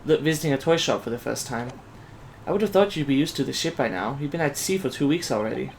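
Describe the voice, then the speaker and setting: A man voicing a polite, composed young woman assistant in a video game, speaking quietly and formally. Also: mid-range voice, lively intonation, fast, creaky, slight background noise.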